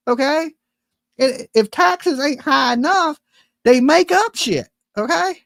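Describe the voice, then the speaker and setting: Fed-up woman host, swearing and rambling, voice a bit high, jumps all over in pitch. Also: no room sound. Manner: profane, exasperated, rambling with restarts. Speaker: livestream host. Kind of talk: casual ranting chat. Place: home.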